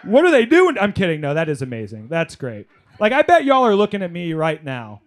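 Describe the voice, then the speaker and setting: Male stand-up comedian, lively delivery, slightly higher voice, live club stage. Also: fairly quick. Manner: animated storytelling, crowd work, shouted punchlines.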